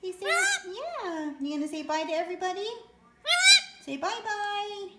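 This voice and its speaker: A woman's voice: very high voice, sing-song, fairly quick. A woman talking to her pet bird in sing-song baby talk, coaxing and cooing at home. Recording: roomy with faint noise.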